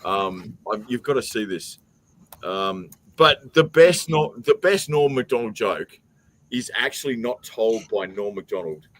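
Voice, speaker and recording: A man's voice: fairly low pitch, expressive, measured pace, a bit bright, low-quality recording. A man hosting a live stream chat, rambling through a long joke and acting out its speakers. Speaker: streaming show host.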